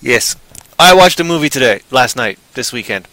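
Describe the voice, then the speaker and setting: Bright-voiced man rambling on a podcast. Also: mid-range voice, lively intonation, moderate pace, dry recording, rough recording. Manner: rambling, jokey, bursts into loud silly voices. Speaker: podcast co-host. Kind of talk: casual chat.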